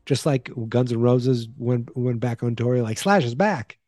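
A man's voice: mid-range voice, unhurried, a little mellow, no room sound, faint music behind. A man with a Boston accent hosting a solo podcast in a rambling, playful, self-deprecating way. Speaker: podcast host. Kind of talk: casual solo podcast chat.

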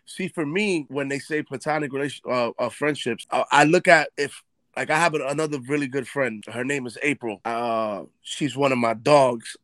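Brooklyn guy with a new york accent, bright forceful voice, dry close sound, swears a lot telling stories. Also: mid-range voice, normal speed, dry recording. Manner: animated, swears freely, acts out quoted dialogue. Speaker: podcast co-host. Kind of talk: casual chat, storytelling.

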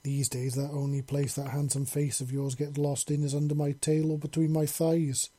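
A man reading the part of a horned, scaly lizard woman from a storybook speaks softly and lovingly, her words near a purr. The voice is dark and mellow, a little husky, recorded close and dry. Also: fairly high pitch, monotone, normal speed, dry recording. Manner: soft, affectionate purring. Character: scaly horned female lizard warrior, tender.

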